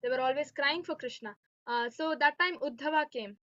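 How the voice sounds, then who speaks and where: Lady teaching a devotional class online, high voice, dull dry lo-fi audio. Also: normal speed, a bit bright, no echo. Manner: keeps asking listeners "right?" and "okay". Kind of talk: devotional lesson storytelling.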